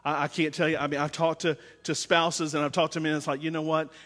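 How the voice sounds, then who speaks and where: A middle-aged man preaching a sermon as pastor, swinging from quiet confiding to loud impassioned preaching. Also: a little high, level tone, quick pace. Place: church sanctuary. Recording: long reverb of a church hall.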